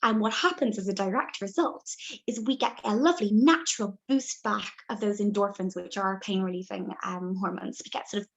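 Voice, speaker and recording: A woman's voice: medium pitch, a little fast, gravelly, muffled recording. A woman, a birth educator, giving a chatty, reassuring live demonstration and showing each step as she talks.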